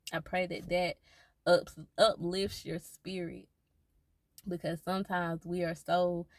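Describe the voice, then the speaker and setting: A woman with a low, gravelly voice speaks earnestly to her viewers, offering faith-based encouragement. She repeats her reassurances warmly and steadily. The sound is dry and close. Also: no room sound. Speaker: faith vlogger.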